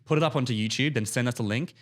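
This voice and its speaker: A man co-hosts a podcast and talks about coaching work at a quick clip. His middle-pitched voice carries eager, chatty stories. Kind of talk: casual chat.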